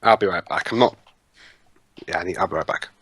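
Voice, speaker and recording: A man's voice: low-pitched, a little fast, a bit bright, husky, no room sound. An easygoing man co-hosting a casual movie commentary and asking curious questions. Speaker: podcast co-host.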